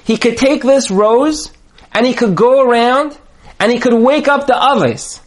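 A man giving a sermon on marriage, telling parables dramatically and building to emphatic, near-shouted points. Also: very high-pitched, unhurried. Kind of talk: sermon with storytelling.

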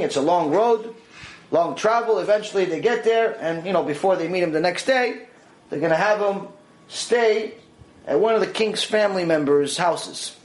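Male lecturer, higher voice that swings widely, narrates a teaching story with acted-out dialogue; roomy echo. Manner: animated, acts out dialogue in quoted voices. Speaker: Torah teacher.

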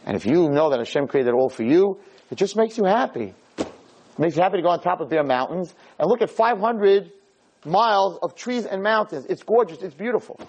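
Rabbi guy preaching to a room, kinda high voice, keeps repeating himself, pitch jumps all over. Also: animated, fairly quick, darkish tone, breathy edge, rough recording. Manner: emphatic, repeats phrases, big swings in pitch. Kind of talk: Torah lecture to a live audience. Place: lecture room with listeners.

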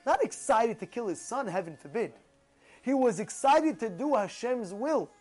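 A man teaching a Torah class, animated, acting out excited voices with gasps and rhetorical questions. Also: very high voice, normal speed, faint music behind.

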